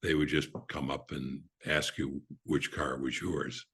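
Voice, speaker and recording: An older man with a notably deep voice shares stories as a podcast guest. His tone is husky, and he talks unhurriedly, with frequent fillers and restarts. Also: flat delivery, a little slow, a bit bright. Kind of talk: relaxed anecdote telling.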